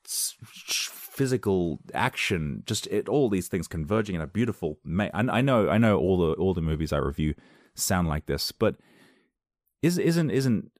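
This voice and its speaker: A man's voice: low-pitched, big pitch swings, normal speed, a little mellow, no room sound. A man reviewing films on his own podcast, talking casually, enthusiastically and in a rambling way.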